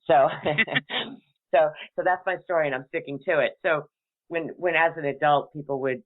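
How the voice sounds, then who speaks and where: A woman's voice: deep voice, normal speed. A middle-aged woman hosting a radio talk show, chatting and telling stories in a rambling way and laughing often. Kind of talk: casual chat and storytelling. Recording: tinny phone-like line.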